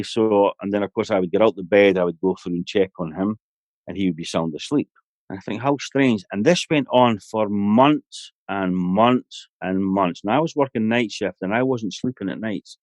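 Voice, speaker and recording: A man's voice: on the low side, darkish tone, dry recording. A middle-aged Scottish man, a guest on a podcast, telling a long personal story in a rambling, anecdotal way full of "you know". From Scotland.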